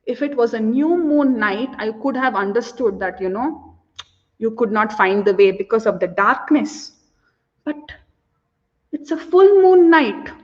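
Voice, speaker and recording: Animated woman giving a talk. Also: fairly high pitch, measured pace. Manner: animated, acts out quotes. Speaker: conference speaker. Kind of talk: storytelling talk. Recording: dull audio with long reverb.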